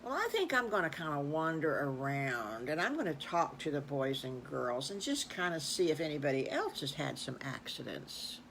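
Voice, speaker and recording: A kindly old farmer chats in a friendly, folksy manner, voiced by an older woman telling a story. His lines roll along easily with a lively rise and fall. It is a gentle storybook grown-up. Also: low-pitched, moderate pace, vocal fry, few pauses, slight background noise, pitched below the performer's own voice, exaggerated voice. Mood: easygoing.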